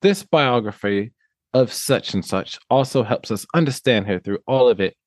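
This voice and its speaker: A man's voice: mid-range voice, lively intonation, moderate pace, dry recording, natural voice. A grand, pompous reader in a put-on English accent, as a man puts it on for a laugh, drawing out each line as if it were a fine biography. The voice is very dry and close, with no room around it. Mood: mock-grand. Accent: mock English. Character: man reading an article aloud in a mock English accent.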